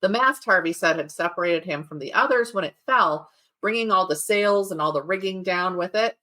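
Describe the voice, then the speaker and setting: Bright-voiced woman hosting a crime podcast. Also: on the low side, normal speed. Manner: chatty, laughing asides while narrating. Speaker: podcast host. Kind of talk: casual chat and true-crime storytelling.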